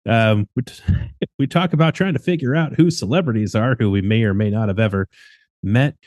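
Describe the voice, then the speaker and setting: A man's voice: fairly low pitch, fairly quick, darkish tone, no echo, studio quality. A man co-hosting a podcast, introducing the episode in a laid-back, casual way. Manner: laid-back, with fillers and light laughs. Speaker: podcast co-host.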